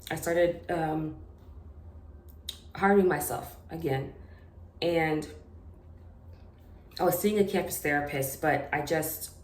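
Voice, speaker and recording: A young woman telling a personal story in an unscripted vlog, halting, with many fillers and restarts. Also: low voice, a little mellow, echoey room. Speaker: vlogger.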